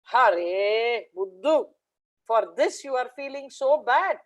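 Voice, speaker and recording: A woman voicing a kindly, brisk female teacher who reassures a pupil. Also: on the high side, expressive. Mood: reassuring. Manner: reassuring, scolding fondly.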